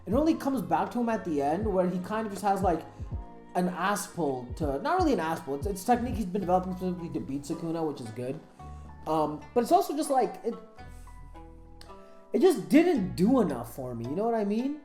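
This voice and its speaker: Excitable, profane woman fan commentator. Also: lowish voice, fairly quick. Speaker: anime commentator. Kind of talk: casual commentary. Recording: echoey room, faint music.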